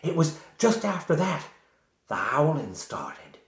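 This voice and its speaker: A man's voice: fairly high pitch, very animated, slow, pitched above the performer's own voice. A man voicing a frightened elderly village woman in a working-class London dialect, anxious and repeating herself. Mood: fearful. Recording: roomy echo.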